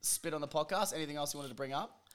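A man hosts a laid-back podcast chat with a bright, crisp-edged voice. He jokes constantly, swears casually and laughs a lot. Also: a little high, fast. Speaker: podcast host.

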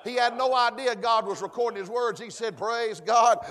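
A man preaching a folksy sermon, calling for amens and building to shouts. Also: extremely high pitch, brisk. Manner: folksy, call-and-response, rising to shouts. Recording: long hall reverb.

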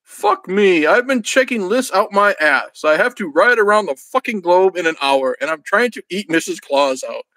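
A man reading aloud, voicing a harried, foul-mouthed old Santa Claus who bellows and swears. His voice is high for a man and dry. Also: lively intonation, moderate pace, hardly any pauses, sharp tone, dry recording, full character voice. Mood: irritable. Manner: bellowing, profane.

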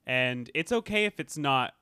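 A man co-hosting a casual podcast, with a bright, crisp edge to his voice. He is playful and quick to jump in, and he laughs easily. The recording is dry and close. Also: mid-range voice, animated, dry recording. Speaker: podcast co-host. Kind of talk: casual chat.

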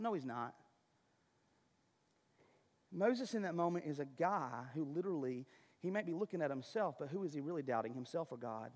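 A high-voiced pastor preaches with emphatic, conversational energy and frequent asides. His voice rings out with the long reverb of a big hall. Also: lively intonation, moderate pace, pauses often, darkish tone. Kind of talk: sermon.

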